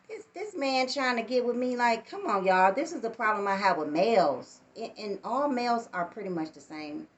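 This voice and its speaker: A woman's voice: on the high side, lively intonation, normal speed, few pauses. A middle-aged woman talking candidly into her phone on a tripod, reflective and blunt, swearing at times. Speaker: vlogger. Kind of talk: casual personal monologue.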